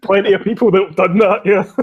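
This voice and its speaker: A man's voice: sits high, fairly even intonation, fairly quick, husky, dull audio. A man in casual chat on a talk show, joking crudely and laughing.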